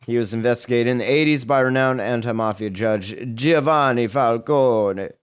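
A man's voice: mid-range voice, normal speed, smooth. A man co-hosting a comedy podcast, reading odd news stories aloud with crude, sarcastic asides. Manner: jokey, crude, reads headlines with sarcastic asides. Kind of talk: casual comedic chat.

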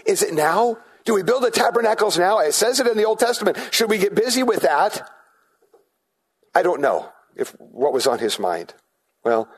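A man's voice: fairly high pitch, breathy edge. A man preaching a sermon as pastor, in a conversational way, asking the congregation questions and often restarting his sentences.

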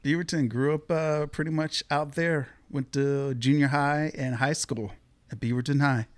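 Relaxed man telling stories, dry sound. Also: on the high side, normal speed, no room sound. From Pacific Northwest, US. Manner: rambling, lots of fillers, animated when quoting others. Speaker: guest. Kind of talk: casual storytelling interview.

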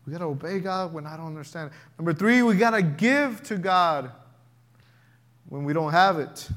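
Male pastor, high bright voice, preaching with swelling emphasis and acted-out prayers. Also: animated, moderate pace. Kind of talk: sermon.

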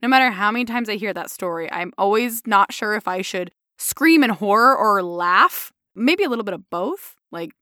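Young woman, casual chat, lively pitch, sympathetic, dry close sound. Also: normal speed, few pauses, dry recording. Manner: laughing reactions, sympathetic.

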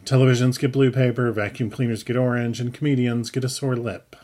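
Man doing a sour, deadpan store clerk woman. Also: medium pitch, a little fast, close to an everyday voice. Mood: sarcastic. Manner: dry and deadpan.

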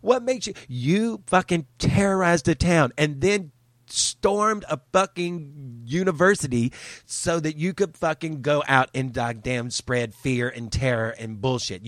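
Man, profane ranting commentary, heated, mid-pitched voice, dry close sound. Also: dry recording. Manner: heated and profane, swearing often.

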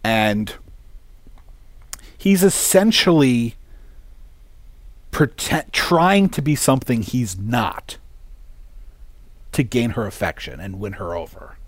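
A man's voice: medium pitch, dry recording. Man retelling a film scene casually. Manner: relaxed, halting, retells scenes. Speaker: podcast co-host.

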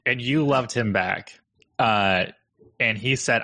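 A man co-hosting a podcast, telling animated stories, acting out quotes and laughing often. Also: fairly low pitch, slow pace, dry recording. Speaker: agency co-owner and podcast host. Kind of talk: casual podcast chat.

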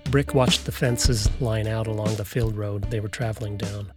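Male audiobook narrator, low register, calm narration, light guitar bed. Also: moderate pace, hardly any pauses, breathy edge. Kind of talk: scripted narration.

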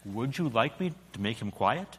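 A preacher voicing a stern, calm male angel in a low, hushed voice. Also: moderate pace, husky. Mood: insistent. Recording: echoey hall.

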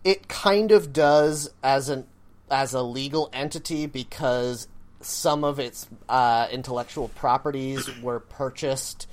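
A man's voice: medium pitch, takes it slowly. A man co-hosting a podcast, chatting casually in a rambling, self-deprecating way with plenty of fillers. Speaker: podcast co-host. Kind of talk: casual chat.

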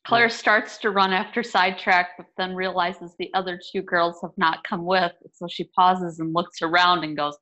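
Woman playing a tabletop game, relaxed matter-of-fact narration, lower voice, dull lo-fi recording. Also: normal speed, hardly any pauses. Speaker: player.

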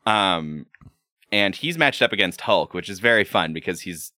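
A man co-hosting a podcast with a lower voice that jumps widely in pitch. He rambles, swears and laughs easily in casual chat. The recording is dry and close. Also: expressive, normal speed, sharp tone, dry recording. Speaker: podcast co-host.

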